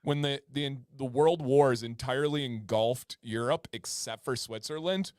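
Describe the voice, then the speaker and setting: A man's voice: mid-range voice, measured pace, a little mellow, no room sound, studio quality. A man co-hosting a livestream, chatting casually and reading out viewer comments. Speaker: livestream co-host. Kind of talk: casual chat.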